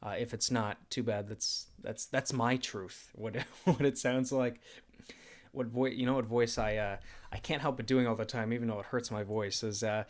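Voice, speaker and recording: A man's voice: medium pitch, steady tone, moderate pace. A man in his twenties chats through a casual livestream Q&A in a mid-range voice. He rambles and corrects himself, drops fillers everywhere and laughs at his own jokes. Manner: rambling and self-deprecating, with frequent laughs and fillers. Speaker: channel host.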